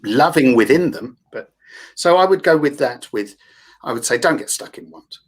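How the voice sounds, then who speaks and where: A man's voice: mid-range voice, expressive, moderate pace, breathy edge. A man with a London accent, a therapist talking through ideas in a casual group discussion, rambling and emphatic. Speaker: guest therapist.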